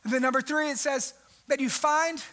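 A young man preaching a sermon, animated, with sudden jumps in pitch and loudness for emphasis, mimicking the people in his story. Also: normal speed. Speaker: pastor.

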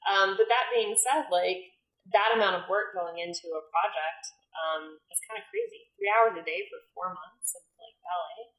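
A woman's voice: lowish voice, moderate pace, fairly bright tone. Chatty woman in an echoey room. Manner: chatty, hedging with fillers. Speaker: podcast co-host. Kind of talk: casual film review chat.

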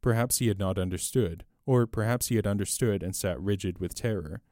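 A man narrating a story aloud in a measured, clear audiobook delivery. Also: lowish voice, dark tone, dry recording, studio quality.

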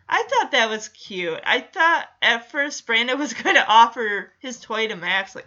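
A woman's voice: a little high, animated, a little slow, bright, forceful tone, muffled recording. A woman recapping a TV episode in casual chat, with sarcastic asides and frequent laughs. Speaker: show recapper.

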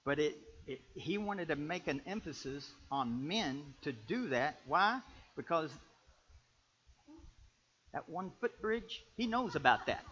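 A man preaching a sermon on marriage, animated, swinging between loud exclamations and quiet storytelling. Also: fairly high pitch, measured pace, breathy edge. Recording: muffled lo-fi recording.

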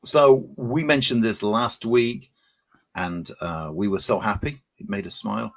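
A man's voice: fairly low pitch, measured pace, vocal fry. A man co-hosting a film podcast in casual, jokey banter. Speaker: podcast co-host. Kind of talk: casual chat.

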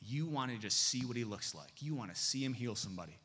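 A man preaching a sermon as pastor, joking with the congregation and dropping to a hush for emphasis. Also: mid-range voice, fast, husky. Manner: lively and humorous, swinging between loud and hushed.

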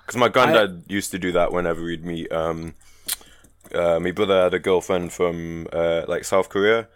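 A man's voice: low-pitched, fairly even intonation, moderate pace, a little hiss or hum. A young man, co-hosting a podcast in casual chat, laughing often and swearing freely. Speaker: podcast co-host.

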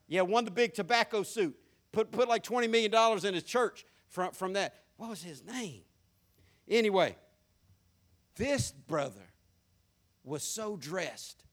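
High-voiced Southern country preacher. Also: male voice. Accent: Southern US country accent. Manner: folksy, mocking, swings from hushed to loud hooping. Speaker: pastor. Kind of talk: sermon.

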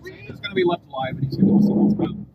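A man's voice: very high-pitched, huge pitch swings, very fast, distant mic, dull audio. A man bantering as a podcast guest, wry and keen on wrestling facts, on a car ride. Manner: fact-checking, wry. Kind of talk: casual banter. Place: inside a car on a road trip. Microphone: away from the mic. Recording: off-mic in a noisy car.

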